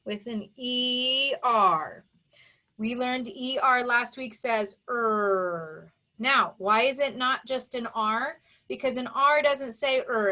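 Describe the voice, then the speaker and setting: A woman teaching a phonics lesson to young children, who sounds out each sound and syllable with slow, careful emphasis. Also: fairly high pitch, bright, forceful tone. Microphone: recorded for an online video lesson.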